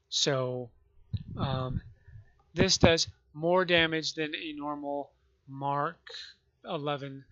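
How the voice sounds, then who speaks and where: A man with the hiccups explaining gameplay in a rambling, halting way, often restarting and correcting himself. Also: fairly high pitch, sharp tone. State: has the hiccups. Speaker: gaming video creator. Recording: muffled lo-fi mic.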